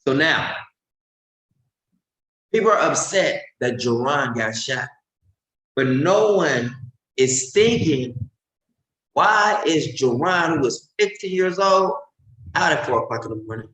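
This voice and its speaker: A man's voice: a little high, lively intonation, slow, long pauses, a bit bright. A man preaching in an emphatic, mocking way, repeating his points for effect. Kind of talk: animated sermon-style commentary. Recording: roomy echo.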